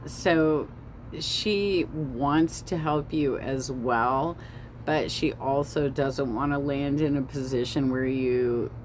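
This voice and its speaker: Casting note: unhurried woman host, chatty and meandering, restarts often, faint air-con hum behind. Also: extremely low pitch. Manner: slow, rambling, frequent fillers and self-corrections. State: has the hiccups. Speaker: reaction video host. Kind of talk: casual commentary over a song.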